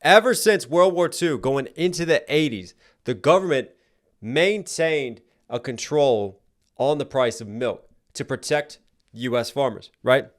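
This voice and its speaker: A man's voice: mid-range voice, lively intonation, a little slow. A man talking casually as he breaks down rap lyrics, explaining each point and often checking in with "right?". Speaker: rapper reacting to a song. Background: song playing faintly underneath.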